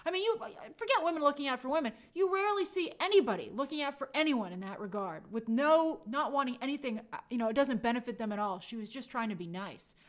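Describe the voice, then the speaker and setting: A woman's voice: high-pitched, lively intonation, fast talker, few pauses. A young adult woman hosting a casual review show, reading viewer comments aloud and acting out quotes in playful voices. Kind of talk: casual live chat review.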